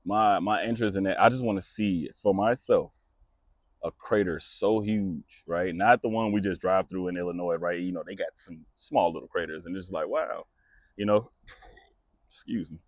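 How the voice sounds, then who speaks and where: A man's voice: low-pitched, moderate pace, dry recording, studio quality. A man hosting a casual podcast chat, talking in a rambling way with many restarts. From United States. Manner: rambling, many restarts, laughs at own jokes. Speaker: podcast host.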